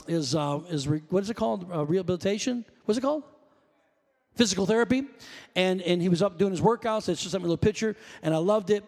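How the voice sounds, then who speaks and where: A male pastor with a high voice preaches to his congregation, drifting into loose stories with restarts and calls for a response. The sound carries a long reverb from the church hall. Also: a little mellow. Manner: conversational, rambling storytelling with self-corrections. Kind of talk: sermon.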